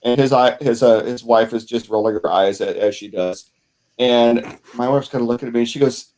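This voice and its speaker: Man, podcast host, casual storytelling, rambling, halting, mid-pitched voice. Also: darkish tone, rough recording. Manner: rambling, many uhs and restarts.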